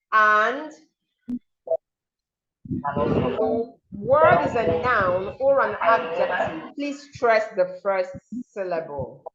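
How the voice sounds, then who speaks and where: A woman's voice: medium pitch, highs cut off, noisy background. A woman teaching a pronunciation seminar, saying example words over and over to model the stress. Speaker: diction teacher.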